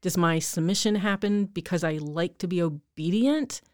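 Woman, low pitch, candid co-host, laughs easily, dry recording. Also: moderate pace, a little mellow, no room sound. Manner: candid, reflective, laughs often. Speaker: podcast co-host. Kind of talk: casual chat.

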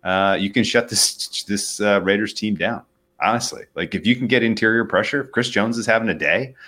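Deep-voiced man talking football betting. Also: fairly quick, pushed and bright. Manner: rambling, frequent ums and restarts. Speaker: sports betting analyst. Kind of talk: casual sports betting chat.

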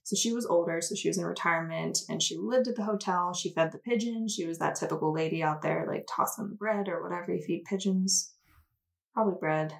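Chatty woman podcast host, a bit of vocal fry, easygoing, telling spooky history. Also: on the low side, brisk, low-quality recording. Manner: chatty, enthusiastic storyteller. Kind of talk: casual chat.

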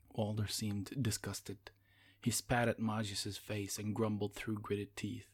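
A man from Egypt, a fantasy author, reading his own novel aloud in steady, measured narration. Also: lowish voice, creaky, husky.

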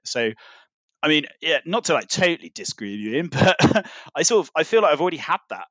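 A man's voice: a little high, big pitch swings, fast talker, fairly bright tone, no room sound. A man chatting casually as a podcast guest, telling a long story with many fillers and restarts. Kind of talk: casual chat.

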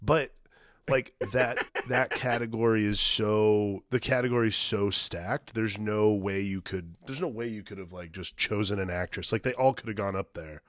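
A man co-hosting a casual film podcast, relaxed and rambling, with frequent restarts and some swearing. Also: lowish voice, normal speed, dry recording, studio quality. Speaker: podcast co-host.

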